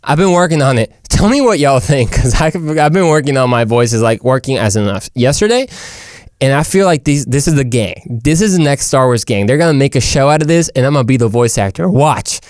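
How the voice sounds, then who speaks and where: Young male host, jokey rambling monologue, middle pitch, dry sound. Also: lively intonation, a little fast, a little mellow, no echo. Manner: rambling, jokey, says "dude" and "like" often. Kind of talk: casual comedic monologue.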